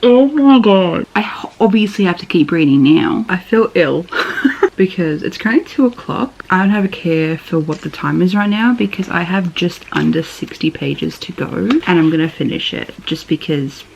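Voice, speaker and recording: A young woman chatting casually in a reading vlog, reacting excitably with laughs, gasps and swearing. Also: on the low side, moderate pace, vocal fry, lo-fi sound, a little hiss or hum. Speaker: booktuber.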